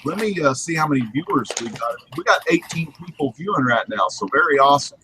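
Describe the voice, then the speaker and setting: A man's voice: fairly high pitch, expressive, quick pace, pushed and bright, slight background noise, poor audio. A man hosting a comics live stream, laid-back, reading out the chat.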